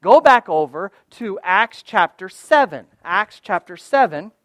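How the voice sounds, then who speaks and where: A man preaching a sermon, emphatic and repeating key phrases, swinging between loud stresses and hushed asides. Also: sits high, very animated, unhurried, no room sound.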